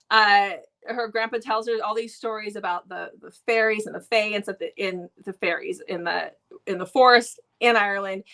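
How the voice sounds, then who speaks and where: A woman's voice: mid-range voice, pushed and bright. An American woman co-hosting a book review stream, chatting eagerly about audiobooks with plenty of fillers. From United States. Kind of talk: casual chat. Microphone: live stream mic.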